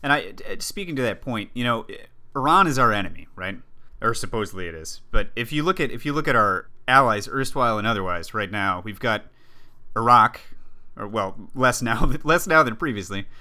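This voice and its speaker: Bright-voiced man explaining politics. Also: medium pitch, animated, fairly quick. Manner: explanatory, many restarts and fillers. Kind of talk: casual political discussion.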